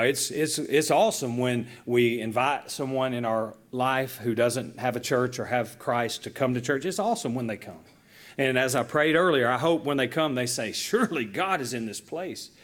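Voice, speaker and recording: Husky-voiced male pastor preaching. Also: mid-range voice. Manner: animated storytelling with emphatic dynamic shifts. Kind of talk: sermon.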